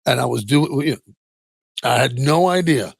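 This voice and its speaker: Middle-aged man, interview guest, husky gravelly voice, dry close sound, halting candid delivery. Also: mid-range voice, animated, no echo. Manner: halting, many restarts and soft trailing asides. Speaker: interview guest, retired football player. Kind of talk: candid personal storytelling.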